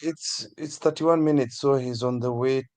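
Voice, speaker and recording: A man with a Kenyan accent and a voice of middling pitch. He cohosts a casual talk, teasing and playful, switching freely between languages. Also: steady tone, moderate pace, darkish tone. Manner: teasing, playful, mixes English and Swahili. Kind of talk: casual chat.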